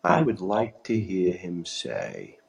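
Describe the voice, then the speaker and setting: Man playing a rambling folksy guest, low gravelly voice, slow and boastful. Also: wildly swooping pitch, muffled recording, heavily acted. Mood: wistful. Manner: rambling, ungrammatical speech.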